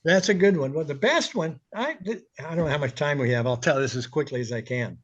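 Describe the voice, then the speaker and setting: Animated, profane male radio DJ. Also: a little high, a little fast, dull audio. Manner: animated, profane, laughing anecdotes. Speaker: radio DJ guest. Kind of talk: casual storytelling.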